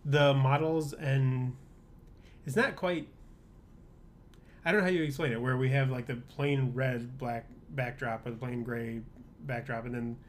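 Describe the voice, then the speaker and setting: A man's voice: medium pitch, steady tone, unhurried, pauses often. A man co-hosting a podcast, chatting casually about a film in an opinionated, rambling, wry way. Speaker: podcast co-host. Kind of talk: casual chat.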